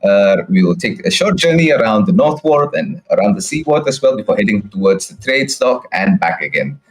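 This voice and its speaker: A man's voice: fairly low pitch, sing-song, brisk. A man voicing a flustered, apologetic male cart driver who stammers through his apologies.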